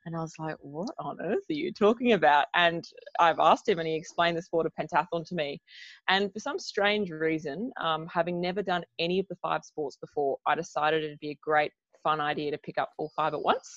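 A woman's voice: low-pitched, level tone, brisk, a bit bright, no room sound, muffled recording. A woman in her twenties with an Australian accent, chatting casually as a guest, self-deprecating and laughing often. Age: 20s. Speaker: guest athlete. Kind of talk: casual interview chat.

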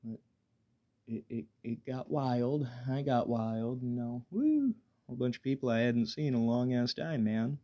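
A man hosting a casual solo podcast while high, rambling in a laid-back way, swearing freely and stammering through restarts. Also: fairly even intonation, moderate pace, highs cut off. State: high on weed. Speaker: podcast host.

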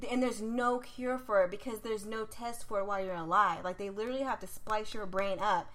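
A woman's voice: mid-range voice, steady tone, fairly quick, a bit bright. A woman co-hosting a casual podcast chat, talking loosely and swearing freely. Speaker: podcast co-host.

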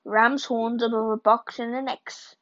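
Higher-voiced woman reading a book chapter, plain delivery with slips, dull lo-fi recording. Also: flat delivery, measured pace, a bit bright. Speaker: reader of a novel.

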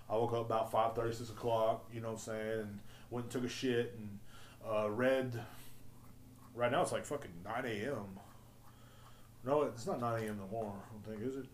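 A man rambling through a solo podcast rant at full volume, swearing freely and circling back on himself. His voice sits at an ordinary middle pitch, and he jumps between topics as the thoughts come. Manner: profane, rambling, loud and yelling. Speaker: podcast host.

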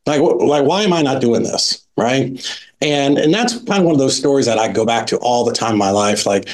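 A middle-aged man appears as a podcast guest, briskly recounting a personal story at an ordinary middle pitch. His telling is casual and lively, studded with frequent "like" and "right?".

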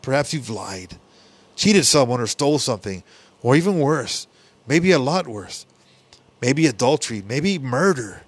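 A man preaching a Bible study sermon for a podcast, earnest and repetitive, often trailing off softly on "my friends.". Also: a little high, breathy edge, no room sound. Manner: earnest preaching, repeats "my friends", drops soft on tag phrases.

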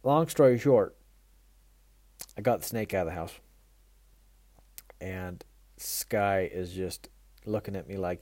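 A fairly low, mellow man's voice speaking close to the mic in a dry room. He talks in a folksy, animated way, pokes fun at himself and laughs often, then turns the story into plain advice. He sounds like a mule trainer giving a casual lesson to his regular viewers. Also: slow, pauses often, no echo. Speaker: mule trainer hosting a tips show.

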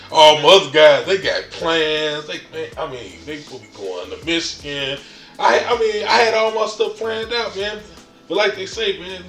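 Young man, AAVE speaker, lively storyteller who acts out the quotes; slightly high, bright voice in an echoey room. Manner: animated, laughs often, acts out quotes, says "man" a lot. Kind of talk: casual storytelling. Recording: echoey room with faint music.

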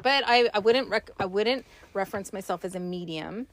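A woman's voice: mid-range voice, moderate pace. A woman co-hosting a podcast in casual chat, telling stories with quoted dialogue. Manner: animated storytelling with quoted dialogue. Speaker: podcast co-host.

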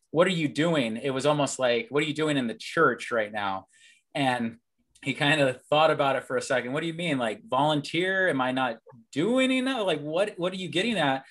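A man's voice: mid-range voice, a bit bright. A man hosting a casual faith conversation, sharing anecdotes reflectively and correcting himself as he goes.

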